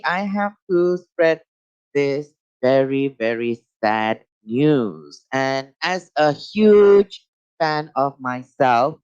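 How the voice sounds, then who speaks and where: A man with a Malaysian accent hosting a live online talk show, talking haltingly with many uh and um fillers and repeated phrases. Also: fairly high pitch, smooth, no room sound. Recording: muffled lo-fi dry sound.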